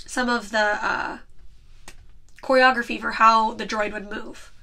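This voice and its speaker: A woman's voice: a little high, fairly even intonation, unhurried, gravelly, bright, forceful tone. A woman hosting a casual chat podcast, giggling often and retelling movie scenes with lots of "like". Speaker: podcast host.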